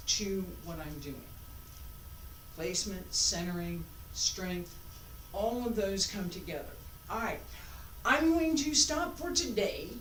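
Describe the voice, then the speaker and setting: Lady teaching sword practice, unhurried, asks herself questions, mic far off with faint hum. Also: mid-range voice, a bit bright. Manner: reflective, thinks aloud with restarts and rhetorical questions. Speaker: martial arts instructor. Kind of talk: teaching while demonstrating. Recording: roomy sound from a distant mic.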